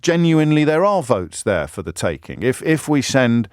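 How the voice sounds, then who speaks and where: A man's voice: medium pitch, big pitch swings, moderate pace, darkish tone, no echo, studio quality. A man hosting a radio phone-in, wry and sardonic as he takes calls. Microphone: studio microphone.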